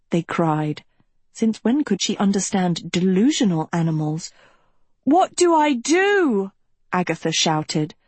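A woman narrating a dark fantasy storybook in a measured, dramatic way. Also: mid-range voice, slightly rough, dry recording. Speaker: audiobook narrator. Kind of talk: scripted narration.

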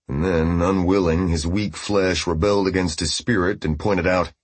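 A man narrating an audiobook with steady, grave storytelling. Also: deep voice, normal speed, few pauses, husky, no room sound. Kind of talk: scripted narration.

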